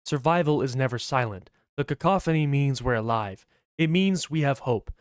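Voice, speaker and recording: A man reading the inner monologue of a weary, tormented male superhero from a comic, solemn and measured. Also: mid-range voice, lively intonation, no room sound, studio quality, natural voice.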